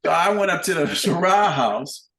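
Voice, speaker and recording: An older man, a guest musician, telling animated, plain-spoken anecdotes in a relaxed chat. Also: on the high side, normal speed, vocal fry, reverberant. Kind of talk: casual storytelling.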